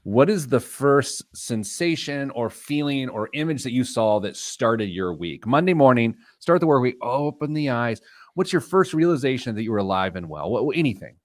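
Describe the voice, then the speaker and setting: A man's voice: medium pitch, normal speed, dry recording. A man hosting a casual radio show, telling jokey stories on a studio mic. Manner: animated storyteller, jokey. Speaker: host.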